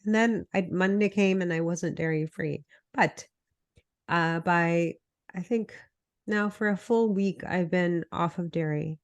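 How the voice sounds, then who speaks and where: A woman's voice: fairly low pitch, slow pace. Female co-host with a cold, nasal and congested, casual and self-deprecating. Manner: chatty, self-deprecating, tells stories. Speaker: podcast co-host, health coach. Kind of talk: casual chat.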